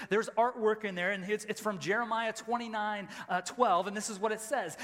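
A man in his thirties preaching a sermon as pastor, telling a casual everyday story, swinging between loud emphasis and hushed tones. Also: high-pitched, steady tone, fast, few pauses. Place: church sanctuary. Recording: reverberant church hall.

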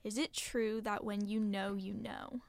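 A woman's voice: mid-range voice, little pitch movement, a little slow, creaky, no echo. A young woman hosting a podcast interview, chatting casually and agreeably with a lot of "like". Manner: agreeable, full of filler "like". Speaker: podcast host.

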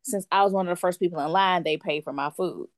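A woman in a casual chat, telling a story in an animated way and acting out what other people said. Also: fairly low pitch, fast talker, no room sound. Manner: animated, acts out quotes of others. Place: lives in France.

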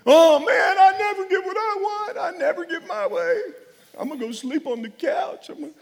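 A self-pitying husband whines in a strained, high voice, as a preacher puts him on. He grumbles that he never gets his way, and his voice echoes through a large reverberant hall. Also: moderate pace, creaky. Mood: whiny. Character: whiny frustrated husband denied affection.

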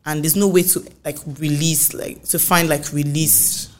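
A young woman with a Nigerian accent, a singer chatting as a podcast guest, animated and full of filler words. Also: low-pitched, unhurried, slight background noise. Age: young adult. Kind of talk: casual interview chat.

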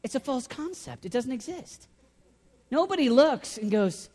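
A man preaching a sermon as pastor, talking in an animated way and swinging from loud emphasis to quiet intensity. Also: extremely high pitch, measured pace, long pauses, husky. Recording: long hall reverb.

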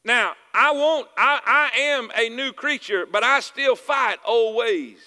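A man's voice: very high-pitched, slow pace, sharp tone. A man with a Southern US accent preaching a sermon, calling out for amens and repeating his phrases for emphasis. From Southern United States. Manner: calls for "amen" and "y'all with me", repeats phrases for emphasis. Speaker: pastor. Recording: preaching in a reverberant hall.

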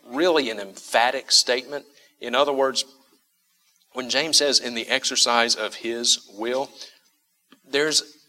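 A male pastor delivering a sermon in a bright, forward voice. He presses his points with emphatic repetition and throws rhetorical questions out to his listeners. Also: mid-range voice. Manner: emphatic, repeats key phrases for stress; asks the congregation rhetorical questions.

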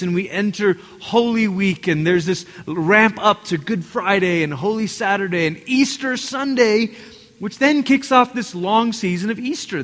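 A man preaching a sermon to his congregation as pastor, talking animatedly and acting out quotes. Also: sits high. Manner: animated, acts out quotes, addresses congregation directly. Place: large church hall. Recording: long hall reverb.

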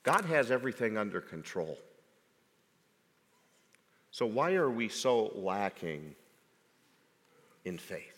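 Pastor, male, slow deliberate sermon delivery with emphatic questions, long hall reverb. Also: fairly low pitch, big pitch swings, fairly bright tone. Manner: measured delivery, rising to emphatic rhetorical questions.

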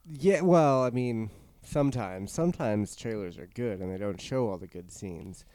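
A man's voice: lowish voice, normal speed, darkish tone, dry recording. A man hosting a podcast in casual chat, blunt and opinionated, swearing freely. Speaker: podcast host.

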